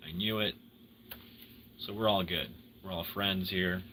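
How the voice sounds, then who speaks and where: A tired man hosting a casual livestream chat with viewers, rambling and swinging between loud excitement and low mumbles. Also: unhurried. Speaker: livestream host chatting with viewers.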